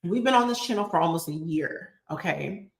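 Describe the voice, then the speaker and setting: A woman's voice: fairly low pitch, lively intonation, normal speed, gravelly. A woman hosting her channel's live chat. She talks in an earnest, emotional, motivational way and repeats phrases for emphasis. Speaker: YouTube channel host. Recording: echoey room.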